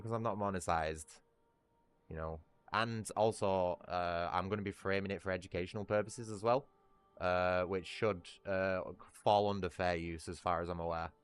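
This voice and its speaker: A man with a northern Lancashire accent talks loosely to his livestream audience. His voice sits very low. He rambles, restarts and curses without a second thought. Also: clear, resonant tone. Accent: northern English, Lancashire. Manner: rambling, swears freely, laughs at himself. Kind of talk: casual livestream chat.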